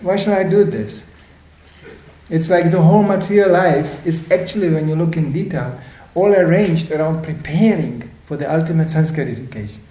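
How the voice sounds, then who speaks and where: Animated older man lecturing in an echoey room. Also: fairly high pitch, brisk, few pauses. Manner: animated storytelling, acting out voices in quotes. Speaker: spiritual teacher.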